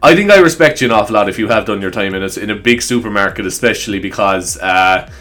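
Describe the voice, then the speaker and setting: An Irish-accented vlogger with a fairly low, slightly bright voice talks fast and animatedly in a casual, rambling monologue to his viewers. He swears freely and laughs between points. It's recorded on a desk microphone with faint upbeat music in the background.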